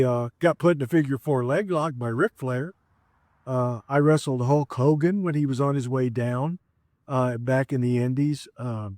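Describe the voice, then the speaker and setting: A middle-aged man spins long, rambling stories in a relaxed, chatty way, often stopping on "uh" and starting his sentences over. His voice sits in an ordinary middle pitch. The sound is close and dry, with no room echo. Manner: rambling, full of "uh" fillers and restarts. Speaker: former pro wrestler telling stories. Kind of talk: casual storytelling.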